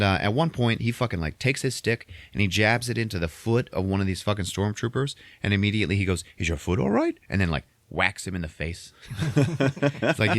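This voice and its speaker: Male podcast host, foul-mouthed animated recap, slightly tipsy, low pitch, dry close sound. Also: no echo. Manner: profane, animated storytelling. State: a bit tipsy. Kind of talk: casual movie recap chat.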